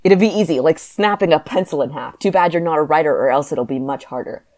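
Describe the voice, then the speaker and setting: A woman's voice: low-pitched, fast, darkish tone, a little hiss or hum, close to an everyday voice. A woman reading aloud as a haughty, sarcastic young woman who boasts and threatens, in a mocking comic reading. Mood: scornful. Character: snide, haughty young woman, a bossy writer.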